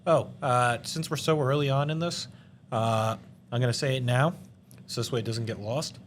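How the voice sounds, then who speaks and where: A man's voice: mid-range voice, moderate pace, a little hiss or hum. Joking man hosting a casual podcast. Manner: loose, joking, swears freely. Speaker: podcast host. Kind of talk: casual chat.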